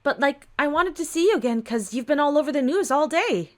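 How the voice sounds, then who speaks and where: A woman voicing a chatty, eager young woman with a bright, upbeat manner. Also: high-pitched, animated, a little fast, pitched above the performer's own voice.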